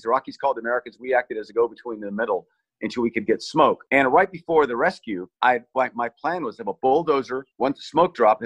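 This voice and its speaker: A middle-aged relief team leader earnestly recounts a rescue he led, telling it conversationally and often restarting and repeating words as he remembers. His voice is mid-range. The audio is dull, with no room sound.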